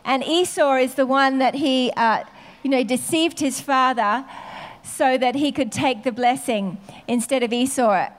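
A woman preaches a sermon in a chatty, unscripted way. Her voice is high, and she often pauses with fillers before going on. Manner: conversational, with many fillers.

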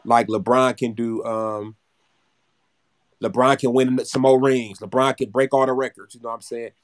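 A man's voice: medium pitch, little pitch movement, moderate pace. A man in his twenties chatting casually as a podcast co-host, rambling, repeating words and swearing freely. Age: 20s. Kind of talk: casual chat.

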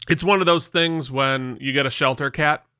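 Chatty bright-voiced man, podcast co-host. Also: fairly high pitch, steady tone, normal speed, clear, resonant tone, no room sound, clean studio sound. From Vermont. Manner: chatty and self-deprecating, many fillers. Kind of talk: casual podcast chat.

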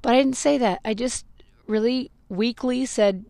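A woman's voice: a little high, unhurried, gravelly, warm tone, no echo. Candid woman telling a personal story. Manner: candid, rambling, self-reflective, with acted-out quotes. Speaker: podcast host.

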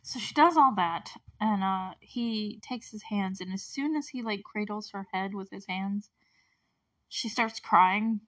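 A woman casually recapping a TV episode, chatty and animated, with lots of fillers and asides. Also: medium pitch, unhurried. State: close to tears at moments. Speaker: show recap host.

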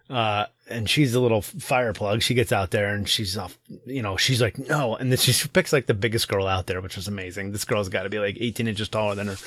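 A man who coaches youth soccer, chatting casually on a podcast and telling stories with lively ups and downs. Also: mid-range voice, no echo, studio quality. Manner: animated storytelling, often gets loud.

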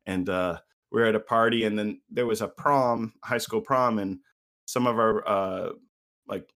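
A man's voice: fairly low pitch, steady tone, measured pace, fairly bright tone. A man in his twenties co-hosting a podcast, telling loose, profane, self-mocking stories in casual chat. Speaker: podcast co-host.

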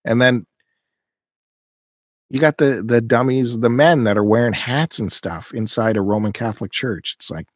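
A man's voice: mid-range voice, moderate pace, no room sound, studio quality. A man chatting casually on a podcast, ranting and teasing in an opinionated way. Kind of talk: casual chat.

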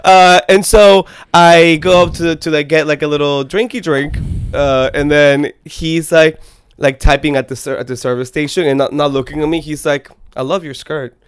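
A young man trades sassy, teasing banter as a podcast co-host. His voice is fairly high and smooth. The mic is close and the sound is dry. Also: steady tone, moderate pace, dry recording. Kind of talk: casual chat.

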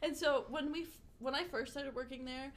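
A woman's voice: sits high, brisk, a little hiss or hum. A young woman co-hosting a podcast, telling work stories in casual chat and laughing through the punchlines. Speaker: podcast co-host.

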